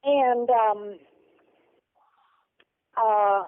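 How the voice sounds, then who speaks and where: Older woman guest, slow and unsure, fairly high voice, phone-like audio. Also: clean tone. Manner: hesitant, with many ums. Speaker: podcast guest. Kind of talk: casual podcast chat. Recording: tinny phone-like sound.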